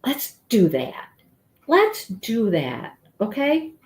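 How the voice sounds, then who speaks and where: Slow-talking crochet lady on a live stream, chatty and rambly, voice goes up and down a lot. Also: huge pitch swings, darkish tone. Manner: chatty, rambling, talks to her cat in a high baby voice. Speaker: crochet livestream host. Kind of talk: casual livestream chat while crocheting.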